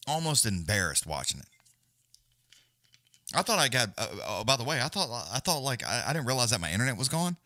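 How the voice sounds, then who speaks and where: Animated, profane male live-streamer. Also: medium pitch, brisk, dry recording. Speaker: livestream host. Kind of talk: casual live-stream chat.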